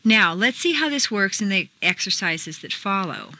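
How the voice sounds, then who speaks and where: Bright, lively American woman teaching. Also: medium pitch, no echo, rough recording. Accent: General American. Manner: deliberate, carefully enunciated model reading. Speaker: accent teacher. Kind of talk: scripted pronunciation lesson narration.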